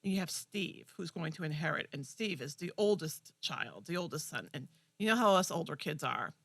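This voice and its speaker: A young woman co-hosting a community TV talk show, retelling a movie with enthusiastic, animated chat. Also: sits low, moderate pace, gravelly, no echo. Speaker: co-host. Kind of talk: casual chat.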